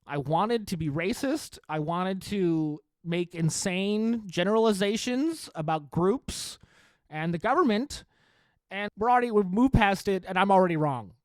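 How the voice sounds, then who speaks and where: High-voiced man ranting on a podcast. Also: lively intonation, a little slow, dry recording. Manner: sarcastic, self-mocking, swears and laughs often. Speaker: podcast host. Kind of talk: solo podcast rant. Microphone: studio microphone.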